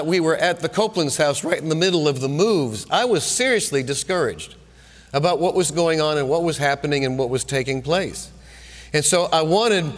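A male pastor preaching a sermon, telling a personal story with frequent restarts, in a church sanctuary. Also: on the high side. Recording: long hall reverb.

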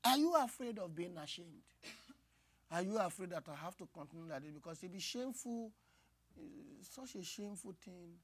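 A woman preaching a sermon, moving from hushed asides to loud, cried-out lines. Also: fairly low pitch, moderate pace, slightly rough, no echo. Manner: expressive, swings from hushed asides to loud cries.

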